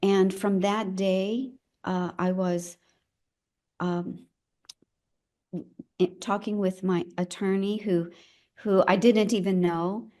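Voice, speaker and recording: An older woman, an elder midwife, telling her own story in a conversation, reflective and halting as she searches for her words. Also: medium pitch, steady tone, mellow.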